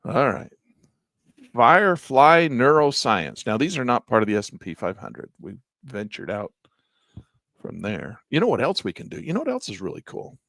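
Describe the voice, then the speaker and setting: Gravelly-voiced man teaching chart trading. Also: fairly low pitch, sing-song, brisk, no echo, clean studio sound. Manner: casual, thinks aloud while clicking through charts; chatty asides to viewers. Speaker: trading instructor. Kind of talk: live screen-share trading lesson.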